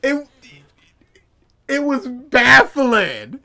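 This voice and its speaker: A man's voice: extremely high pitch, extremely slow, gravelly. A young man, a podcast guest, telling work stories in casual chat and mimicking his coworkers as he goes. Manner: animated, mimics coworkers mid-story.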